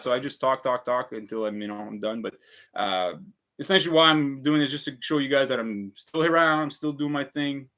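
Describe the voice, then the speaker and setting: His voice is mid-range, bright, and forceful as this vlogger rants heatedly on a casual livestream. He swears frequently and repeats himself over and over.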